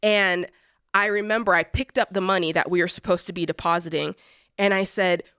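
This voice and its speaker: A woman co-hosting a money advice show, telling a personal story in an animated, emphatic way and repeating phrases for effect. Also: on the low side, a little fast, clean tone, no echo, studio quality. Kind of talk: personal storytelling in studio conversation. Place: radio studio.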